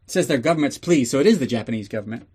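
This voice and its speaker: A man's voice: medium pitch, expressive, racing, darkish tone, breathy edge. A man hosting a podcast, giving a casual, sarcastic and profane recap of a movie. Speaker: podcast host.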